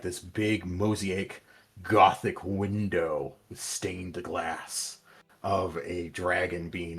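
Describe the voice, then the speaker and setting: A man narrating as game master, relaxed and hesitant, with many fillers. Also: deep voice, slightly rough.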